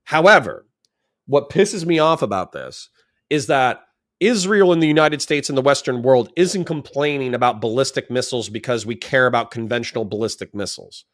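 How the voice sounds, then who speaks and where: A man's voice: mid-range voice, animated, normal speed. A man giving blunt, sarcastic, profane commentary on a livestream while reacting to a video.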